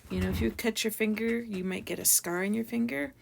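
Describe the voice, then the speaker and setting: A woman's voice: medium pitch, steady tone, a little fast, creaky, a little hiss or hum. A woman teacher giving a patient phonics lesson to young children, sounding out letters and syllables one by one.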